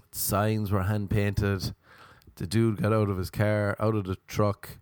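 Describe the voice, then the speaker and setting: A man from Ireland doing a crude, comedic monologue as a podcast host, storytelling with big animated swings. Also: fairly low pitch, slow, dry recording.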